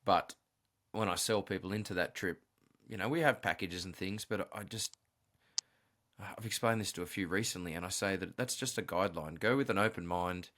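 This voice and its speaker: A man's voice: deep voice, normal speed, a bit bright, slight background noise. A man hosting a podcast, talking in an easygoing, anecdotal way. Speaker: podcast host. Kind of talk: casual conversation.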